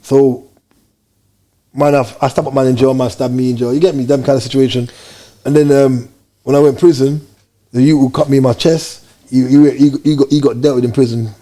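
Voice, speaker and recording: A man from Jamaica, telling his story as an interview guest in fast, animated street slang. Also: mid-range voice.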